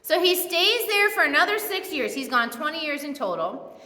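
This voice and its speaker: A woman's voice: high voice, big pitch swings, normal speed, pushed and bright. A woman pastor giving a sermon in a church, retelling the story in a casual, humorous way. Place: church sanctuary. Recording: echoey church hall.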